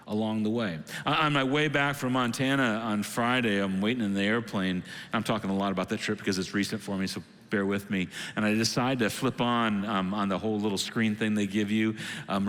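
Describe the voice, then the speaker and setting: A man preaching a sermon as lead pastor, animated and acting out quoted voices. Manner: animated, acts out quoted voices with sudden pitch jumps. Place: church auditorium. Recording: long hall reverb.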